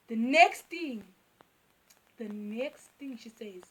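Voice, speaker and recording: A young South African woman telling a casual storytime, animated and repeating phrases for emphasis. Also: high voice, slow, husky. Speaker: YouTuber.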